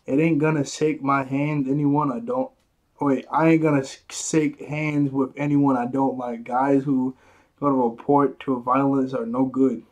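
A man reading out the lines of a defiant, beaten male black-market dealer, slow and scornful. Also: mid-range voice, flat delivery, darkish tone, lightly acted.

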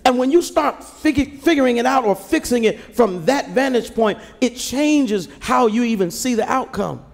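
An extremely high-pitched, creaky-voiced male pastor preaches animatedly at normal speed, rising to shouts and calling for his congregation's answers. This is a live recording from a large church sanctuary, full of long hall reverb.

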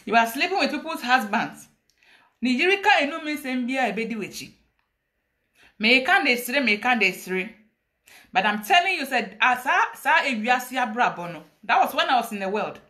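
A Ghanaian woman speaks in a high, bright voice on a live stream. She talks in a dramatic, preachy confessional style, switching between English and Twi. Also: big pitch swings, moderate pace. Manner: preachy, dramatic, laughing storytelling mixed with Twi. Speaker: livestreamer confessing. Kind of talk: Facebook live confessional monologue.

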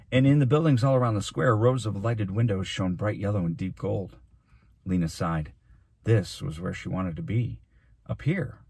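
A man, a teacher, reading a children's novel aloud in steady storytelling narration. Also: on the low side, slightly rough, dry recording.

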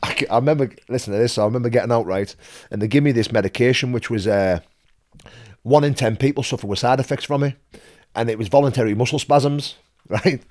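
A man's voice: medium pitch, fast, a little mellow. A young man with a Northern English accent, telling a wild story as a podcast guest, swearing, laughing and repeating his words. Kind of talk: casual storytelling.

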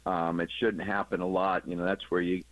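A former third base coach talking baseball on a sports radio show, explaining plays in a relaxed way and chuckling at his own jokes. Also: low voice, a little fast, no room sound. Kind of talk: casual sports radio chat. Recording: dull lo-fi broadcast audio.

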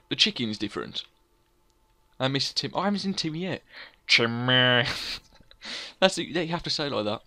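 A man's voice: mid-range voice, a bit bright. A young man casually commentating his gameplay, rambling and joking at his own expense. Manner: rambling, self-mocking, chatty, laughs at own jokes. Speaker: let's play host.

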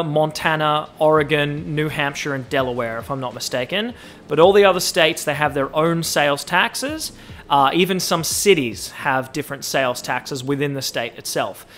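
A young Australian man hosting a casual solo podcast, talking in an animated, joking way and drawing out words when he lists things. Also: on the high side. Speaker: podcast host.

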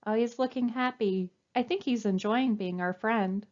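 A woman librarian reading a picture book aloud to young children, with an animated, coaxing sing-song delivery. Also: on the high side, moderate pace, dull audio. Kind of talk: storytime read-aloud.

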